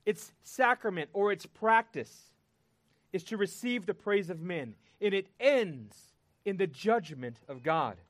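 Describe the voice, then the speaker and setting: A man preaching a sermon, earnest and emphatic, pausing and repeating words for weight. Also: sits high, animated, dry recording.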